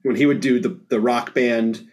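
A man's voice: mid-range voice, fairly even intonation, normal speed, a little mellow. A man hosting a casual podcast, asking questions and agreeing often. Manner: agreeable, many short affirmations. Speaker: podcast host.

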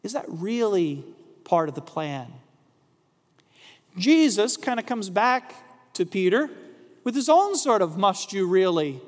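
A man preaching a sermon as pastor, slow and deliberate, asking rhetorical questions. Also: high voice, big pitch swings, big-room sound.

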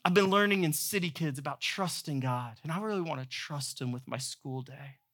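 A man's voice: on the high side, moderate pace, pushed and bright, voice pushed down. A man voicing his young daughter, asking earnestly for prayer.

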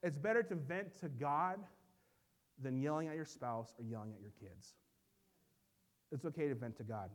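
A man preaching as a pastor, swinging between soft low asides and loud emphatic lines, in a church. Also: animated, normal speed, pauses often. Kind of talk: sermon. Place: church sanctuary.

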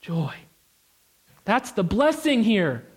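A young man from the United States preaching a sermon, animated and emphatic, with casual asides and repeated phrases. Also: high voice, takes it slowly, husky.

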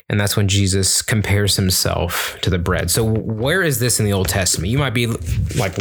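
Young male Bible teacher, low-pitched, relaxed chatty delivery with restarts. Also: moderate pace, husky. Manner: chatty, informal, many fillers and restarts.

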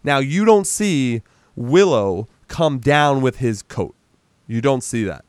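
Man, medium voice, dry close sound; chatty film breakdown with loud character bits. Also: medium pitch, takes it slowly, clean tone, no echo. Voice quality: animated retelling, acts out characters in a raised voice, swears. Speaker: podcast co-host. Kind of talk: casual movie recap chat.

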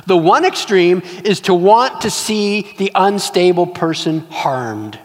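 High-voiced man preaching in a hall. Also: lively intonation, slow. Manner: earnest, storytelling. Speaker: pastor. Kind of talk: sermon. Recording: long hall reverb.

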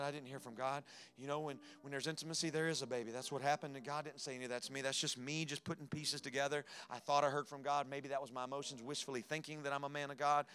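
A man preaching a sermon as a pastor, telling a personal story that moves between hushed moments and loud, emphatic passages. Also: on the high side, clear, resonant tone. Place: church sanctuary.

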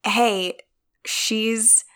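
A chatty woman in casual podcast conversation. She tells stories with lively energy, acts out what people said, and drops the odd swear word. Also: fairly high pitch, very slow, clean tone. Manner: chatty, animated storytelling with lots of quoting and casual swearing. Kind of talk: casual chat recapping a reality show.

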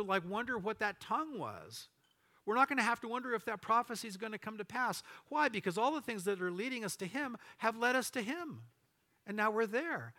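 A man's voice: sits high, pushed and bright. A middle-aged man preaching a sermon as pastor, reading Bible verses aloud and adding casual asides to his congregation.

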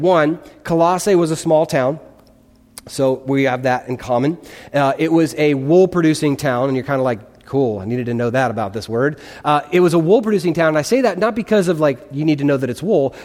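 A big hall's long reverb surrounds this male pastor as he preaches in a church sanctuary. His voice is a little high and a little mellow, and his earnest, conversational sermon puts questions to the congregation.

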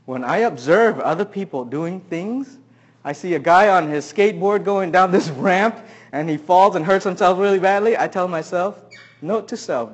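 A man preaching a sermon, who keeps asking the congregation questions and swings between loud emphasis and quiet asides. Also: high-pitched, normal speed. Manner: asks the audience many questions. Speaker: pastor.

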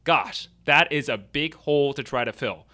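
Bright-voiced chatty male news host. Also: mid-range voice, normal speed. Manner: chatty and self-deprecating, with many fillers and restarts. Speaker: host of a weekly real estate news show. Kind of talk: casual live-stream commentary reading news articles.

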